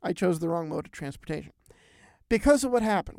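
A man hosting a podcast, telling a travel story in a lively, animated way with big swings in pitch and loudness. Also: fairly quick, gravelly, no room sound, studio quality. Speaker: podcast host. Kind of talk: casual storytelling chat.

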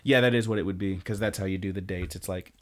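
A man's voice: low-pitched, fast. A man co-hosting a podcast, recapping an anime in casual, rambling, profane chat. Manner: rambling, profane, animated storytelling. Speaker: podcast co-host.

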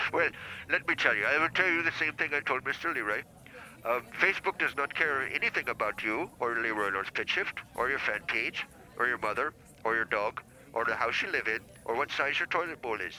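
A man playing a sarcastic male tech support agent in a prank call sketch, mock-polite and deadpan. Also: mid-range voice, fairly quick, low-quality recording.

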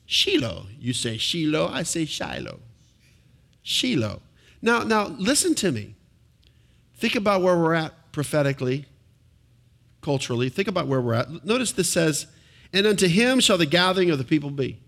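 A man preaching from the pulpit in a somewhat high voice. He speaks with animation and keeps putting questions to the congregation, with some lines landing farther from the mic. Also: big pitch swings, brisk, fairly bright tone. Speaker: pastor. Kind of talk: sermon. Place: church before a congregation.

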